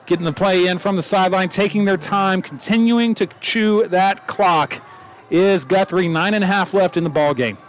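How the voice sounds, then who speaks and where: Man, high voice, live football play-by-play, quick jokey self-corrections, outdoor booth. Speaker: play-by-play announcer.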